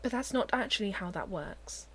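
A woman voicing an easygoing young man who teases and gets flustered, his lines pitched a little higher than her narration. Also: animated, moderate pace, fairly bright tone, lightly acted. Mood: wry.

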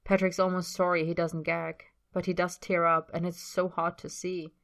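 A woman reading a story aloud in a steady, plain voice. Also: on the low side, normal speed. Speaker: story reader.

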